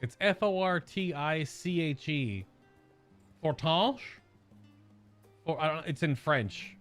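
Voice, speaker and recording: A man's voice: on the high side, lively intonation, a little slow, a bit bright, faint music behind. An American man chatting casually while streaming a game, rambling and searching aloud for words. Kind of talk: casual gameplay chat.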